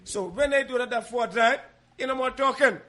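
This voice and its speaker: A man's voice: very high voice, a little fast, pushed and bright. A man co-hosting a casual podcast chat, laying out his views in an emphatic, lecturing way and repeating his points. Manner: calls listeners "boy". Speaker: podcast co-host.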